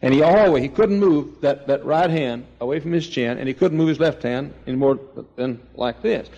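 An older man preaching a sermon, telling folksy stories and swinging between quiet asides and loud, high exclamations. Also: normal speed, highs cut off. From East Texas. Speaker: pastor.

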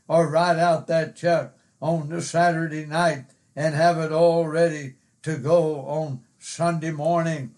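An older man preaching a sermon, slow and emphatic, repeating words and pausing on fillers. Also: on the high side, steady tone, a little mellow.

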